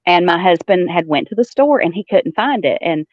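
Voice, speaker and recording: A woman's voice: fairly low pitch, expressive, brisk, no room sound, highs cut off. A woman from the American South with a Southern accent, chatting as a guest and acting out the voices of the people in her stories. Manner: storytelling, acts out quoted voices, laughs often. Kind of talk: casual chat.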